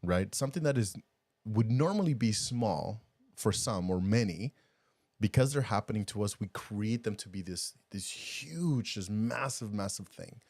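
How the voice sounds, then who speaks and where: Low-voiced man, animated podcast co-host. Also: moderate pace, no room sound. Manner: animated, laughs often, rambling restarts. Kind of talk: casual chat.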